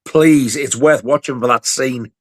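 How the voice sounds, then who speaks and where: A man's voice: medium pitch, steady tone, a little slow, slight background noise. Man, guest, blunt emphatic chat, mid-range voice. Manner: emphatic, swears freely. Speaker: podcast guest. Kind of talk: casual film chat.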